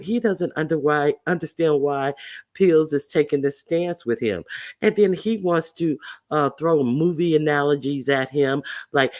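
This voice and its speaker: A man with a somewhat high voice runs a gossip livestream, talking bluntly and with plenty of sass. He breaks off his commentary to greet viewers in the chat by name. The sound is a plain home desk mic. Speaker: livestream host.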